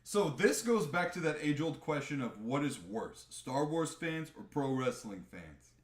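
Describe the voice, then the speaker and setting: Animated, foul-mouthed man ranting on a podcast. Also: on the high side, unhurried, reverberant. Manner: animated, profane ranting with mocking impressions. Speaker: podcast co-host. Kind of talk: casual live podcast chat.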